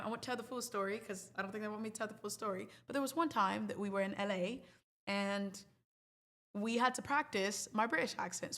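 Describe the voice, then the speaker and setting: A woman's voice: a little high, fairly bright tone. Chatty woman streamer rambling to her chat. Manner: chatty, rambling, playful asides. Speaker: livestream host. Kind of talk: casual livestream chat.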